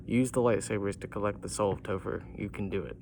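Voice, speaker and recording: A man's voice: on the low side, steady tone, quick pace, vocal fry, darkish tone, a little hiss or hum. A man doing a solemn wrestler mentor. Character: solemn male wrestler mentor giving advice.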